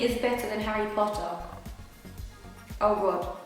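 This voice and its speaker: A woman's voice: a little high, normal speed. A young woman from Surrey, England, chatting casually and rambling as she eats on camera. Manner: chatty, rambling, thinks aloud. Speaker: vlogger. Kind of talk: casual chat while eating. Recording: very echoey room, long reverb, faint music.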